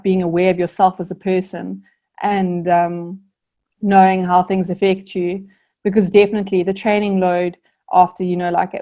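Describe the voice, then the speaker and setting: A woman's voice: mid-range voice, dark tone. Earnest young woman, rambling and reflective. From South Africa. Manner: earnest, reflective, many fillers like "like" and "um". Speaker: guest, Olympic rower. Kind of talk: casual interview answers.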